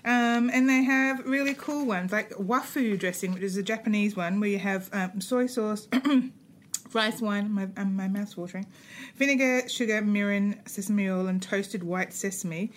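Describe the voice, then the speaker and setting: A woman co-hosting a podcast, chatty and quick to laugh, eagerly listing details. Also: medium pitch, steady tone, slight background noise. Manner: chatty, laughs often, lists details enthusiastically. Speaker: podcast co-host. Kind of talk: casual chat.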